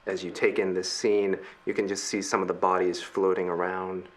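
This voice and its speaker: A man running a tabletop game as game master, narrating scenes in a slow, measured way with pauses. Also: deep voice, little pitch movement.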